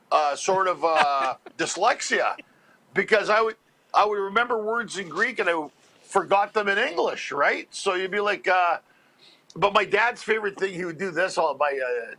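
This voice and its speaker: A comedian from Montreal tells stories as an interview guest, animated and quick to laugh. His voice is high and bright, pushing through each anecdote. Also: low-quality recording. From Montreal, Canada. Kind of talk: storytelling interview chat.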